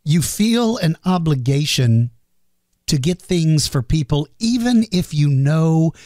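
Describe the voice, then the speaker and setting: A man's voice: on the high side, lively intonation, slow pace, dark tone, no echo. Middle-aged male podcast host, chatty and self-deprecating, dry studio sound. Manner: chatty, self-deprecating, reads questions aloud. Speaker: podcast host answering listener questions. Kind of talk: casual Q&A monologue.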